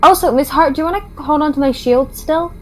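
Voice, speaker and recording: A woman's voice: high voice, quick pace, a bit bright. A woman playing a tabletop game, talking eagerly and chattily with the group. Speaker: player. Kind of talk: tabletop role-play chat. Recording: music faint behind.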